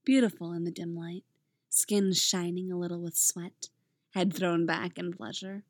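Gentle woman reading a story aloud. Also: on the low side, steady tone, measured pace, no room sound. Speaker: audiobook reader. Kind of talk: reading fan fiction aloud.

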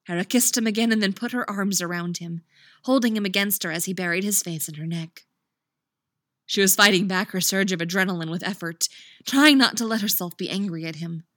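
A woman's voice: mid-range voice, fairly quick, no room sound. Woman reading fan fiction, dry close sound. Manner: expressive, laughs and swears at her own slips. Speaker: podfic reader. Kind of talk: reading fan fiction aloud with casual asides. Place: couch in a friend's house.

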